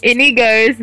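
A woman's voice: sits high, fairly bright tone. A young woman playing a game with a friend, rambling with many fillers and laughing a lot. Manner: giggly, rambling, lots of filler words. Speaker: gamer, guest co-player. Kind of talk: casual gaming chat.

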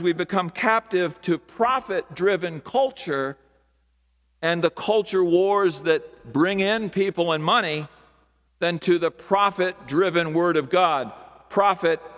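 A man preaching a sermon as pastor, slow and deliberate, with dramatic pauses and hushed asides. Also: high voice. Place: large church sanctuary. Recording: long hall reverb.

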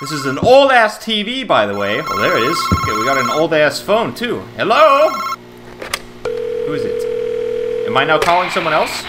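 A man's voice: fairly high pitch, big pitch swings, fairly quick, very noisy. A man giving running commentary on a horror game while he plays, jumpy and swearing, talking to himself as he goes. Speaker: gamer.

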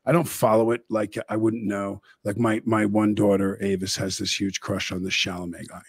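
A man's voice: fairly low pitch, flat delivery, normal speed, breathy edge, no room sound. A middle-aged man hosting a talk show, telling rambling anecdotes in casual chat.

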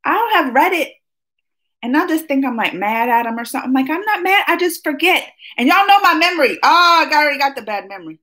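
A high-pitched woman chatting live with her viewers from home. She talks in an excitable, rambling way, laughing often and answering her chat. Her voice bounces up and down a lot. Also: moderate pace. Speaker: livestream host. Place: at home, just woken up.

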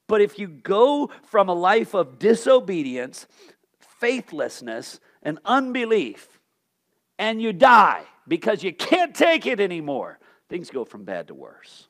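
A male pastor preaching a sermon, asking rhetorical questions and swinging from loud emphasis to hushed tones. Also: high voice, sing-song, unhurried.

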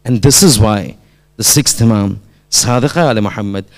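A man's voice: fairly low pitch, normal speed. Man preaching a Friday sermon. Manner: acts out story dialogue, rising to loud emphatic exhortation. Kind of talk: sermon storytelling.

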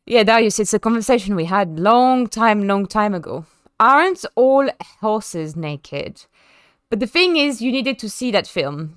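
A young French woman chats her way through a racing stream in a bright, fairly high voice that leaps around with every story. Her delivery is animated and self-mocking, full of quick theatrical asides. The sound is dry and close, with no room around it. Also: no echo. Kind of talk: casual live-stream chat while sim racing.

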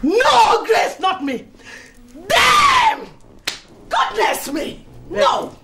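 Betty, a shrill raging club matron. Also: female voice, sing-song, a little slow, very noisy. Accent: Nigerian. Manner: ranting, shouting with scornful laughs. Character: proud, furious senior woman of a ladies' club. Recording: echoey room with music underneath.

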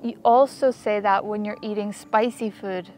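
A woman's voice: mid-range voice, steady tone, a little mellow. A young woman with a strong Northern Irish accent, co-hosting a casual chat and chiming in eagerly. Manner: bubbly, quick to agree and chime in. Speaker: co-host.

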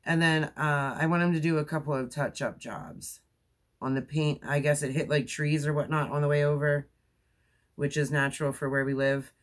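A woman's voice: low voice, steady tone, normal speed. A woman in her forties talking casually to her viewers. She rambles, laughs often and fills her sentences with ums and likes. She sounds tired from being up all night. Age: 40s. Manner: rambling, chatty, laughs often, many fillers. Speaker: crochet vlogger. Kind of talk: casual chat.

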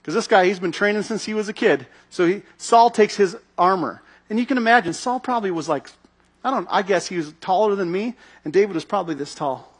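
A man's voice: high voice, expressive, a little fast, slightly rough. A man giving a sermon as pastor, telling a story animatedly and acting out its scenes.

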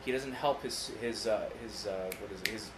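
A man's voice: on the low side, normal speed, a crowd in the background. A man co-hosting a podcast, telling a rambling, profane story in casual chat. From United States. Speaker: podcast co-host. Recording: roomy studio with noise.

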